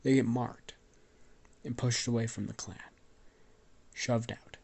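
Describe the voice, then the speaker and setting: Slow gravelly man with a cold. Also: mid-range voice, steady tone, a little mellow. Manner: rambling, loose, with fillers and swearing. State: has a cold, coughing. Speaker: storyteller. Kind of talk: improvised spoken storytelling.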